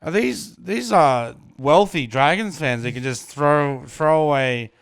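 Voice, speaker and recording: A man's voice: on the high side, animated, unhurried, vocal fry, clear, resonant tone, no echo, studio quality. A man, co-hosting a casual chat in a jokey, chatty way with loose fillers. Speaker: podcast co-host.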